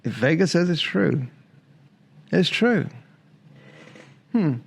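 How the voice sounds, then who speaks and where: A chatty man talks straight to his viewers in an unhurried, easygoing monologue. His voice sits high for a man, and he laughs often as he pokes fun at his commenters. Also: lively intonation, creaky, breathy edge. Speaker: sports podcast host.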